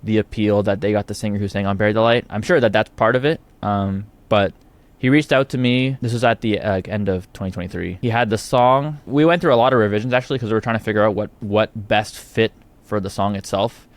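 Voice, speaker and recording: A young Canadian man with an Ontario accent, a guest singer chatting casually in an interview, relaxed and rambling, laughing often. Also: lowish voice, fairly quick, hardly any pauses, dry recording. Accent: Ontario English.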